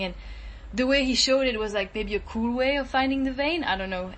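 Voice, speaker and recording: Woman researcher, reflective and measured, higher voice, faint hiss in the room. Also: poor audio. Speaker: focus group researcher. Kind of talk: casual debrief chat.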